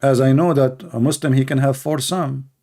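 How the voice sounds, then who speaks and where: Heard here is a call-in show host whose voice is medium-pitched and warm, with fairly even intonation and a moderate pace. His monologue is mocking and scornful, sarcastic in tone, with rhetorical questions and broken grammar.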